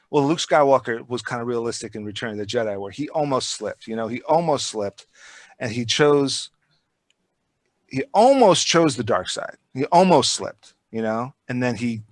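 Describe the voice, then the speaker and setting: A man's voice: medium pitch, no echo. A man chatting casually on a podcast, telling rambling, profane stories with lots of energy. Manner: rambling, profane, animated storytelling.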